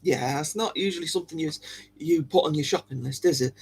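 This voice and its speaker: A man's voice: on the high side, a little fast, slightly rough. A man hosting a livestream, chatting casually with viewers in a jokey, giggly way. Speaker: livestream host.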